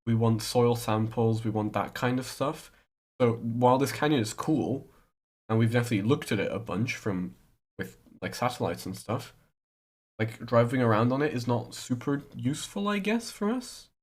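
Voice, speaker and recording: A man with an ordinary mid-pitched voice chats loosely, rambling through thoughts and teasing his co-host. His speech is full of fillers and quick asides. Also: expressive. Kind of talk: casual chat.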